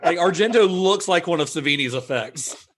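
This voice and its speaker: A man's voice: on the high side, animated, fairly bright tone. A man hosting a film podcast, cutting in with teasing jokes and questions. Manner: teasing and jokey, quick to interject. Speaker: podcast host. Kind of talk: casual film discussion.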